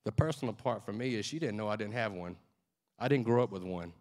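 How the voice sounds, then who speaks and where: A man's voice: on the low side, quick pace, darkish tone. A male preacher delivering a fervent, conversational sermon that turns to emotional personal storytelling.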